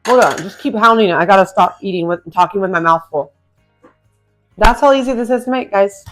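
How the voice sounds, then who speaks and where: A woman's voice: mid-range voice, brisk, fairly bright tone, soft background music. Chatty woman hosting a cooking video. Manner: chatty, enthusiastic, addresses viewers as guys. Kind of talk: casual cooking demonstration. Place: home kitchen.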